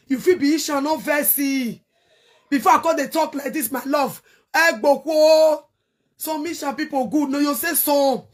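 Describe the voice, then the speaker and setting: A middle-aged Nigerian woman hosting her online show, angrily cursing and shouting in bursts as she rants to her viewers. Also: sits high. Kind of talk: heated rant to viewers.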